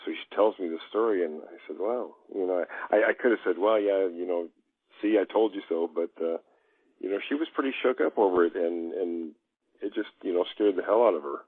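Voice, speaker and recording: A man with a husky voice, telling a story as a caller in a halting, stammering way. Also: deep voice, no room sound. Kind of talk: casual storytelling. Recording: tinny phone line, dry.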